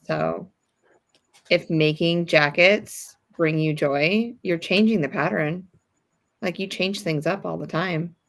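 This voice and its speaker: A woman's voice: lowish voice, slow pace, a bit bright. A woman co-hosting a casual sewing livestream, chatty and encouraging, reading viewer comments aloud. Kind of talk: casual chat.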